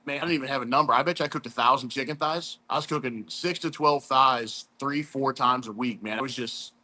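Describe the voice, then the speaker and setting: Chatty laid-back man, bright voice. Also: medium pitch, fairly quick. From St. Louis, USA. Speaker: competition barbecue pitmaster guest. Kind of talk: casual storytelling interview.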